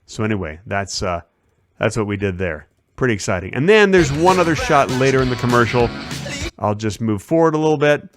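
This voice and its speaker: A streaming host chats casually about a shoot, telling behind-the-scenes stories in a rambling way and acting out the lines he quotes. His voice is medium-pitched, very animated and a little fast, with music underneath.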